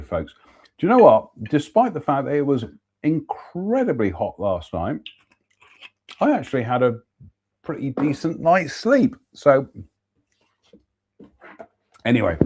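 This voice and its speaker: A man's voice: medium pitch, mellow, slightly rough. A man, chatting casually as host about a walk and a beer, then reading out a ghost story. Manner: chatty, exclamatory, reads labels aloud.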